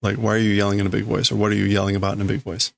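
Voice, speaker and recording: A man's voice: fairly low pitch, monotone, very fast, creaky, no echo. Hesitant man thinking aloud. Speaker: streamer learning Japanese. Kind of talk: casual reading and translating aloud.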